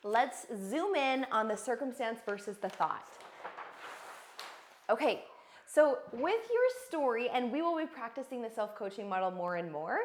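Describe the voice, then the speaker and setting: A woman's voice: on the high side, animated, normal speed, a little hiss or hum. A woman in her thirties, a coach giving an earnest, encouraging lesson in a casual teaching talk.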